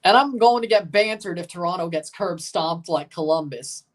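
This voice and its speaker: A woman's voice: lowish voice, animated, normal speed, recorded from a distance. A woman streamer gives live reactions over a soccer match. She teases her viewers with loose, profane banter and slips into little sing-song chants between calls of the minute. Her talk is unscripted, like a fan on the couch. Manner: banters with viewers, swears, chants and sings along. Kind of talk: live watchalong commentary.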